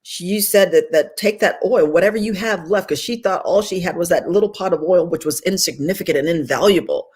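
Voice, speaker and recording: A woman's voice: fairly low pitch, fairly quick, hardly any pauses, darkish tone, husky. A woman guest speaking over a video call, giving a fervent, preacher-like inspirational testimony and repeating phrases for emphasis.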